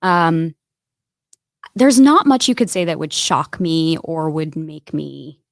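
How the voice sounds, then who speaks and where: A woman's voice: sits low, slow, gravelly, no echo. A woman talking candidly as a podcast guest, earnest and chatty, often adding "like" and "right?". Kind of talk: candid conversational interview. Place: podcast studio.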